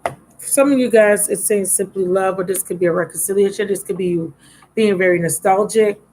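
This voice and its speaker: A woman's voice: mid-range voice, fairly quick, darkish tone, a little hiss or hum, rough recording. A woman giving a casual live tarot reading, chatty and affectionate with viewers, a little drowsy, recorded on a laptop mic. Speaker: tarot reader. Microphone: laptop microphone.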